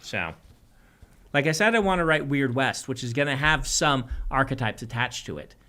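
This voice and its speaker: Male author host, forties, bright forceful voice, rambling livestream chat. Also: mid-range voice, animated, moderate pace. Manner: rambling, self-interrupting.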